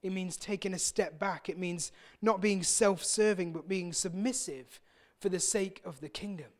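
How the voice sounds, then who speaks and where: A man, a pastor preaching a sermon in an earnest way, who slows and softens his voice for emphasis. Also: sits high. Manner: acts out quoted voices with sudden loud bursts.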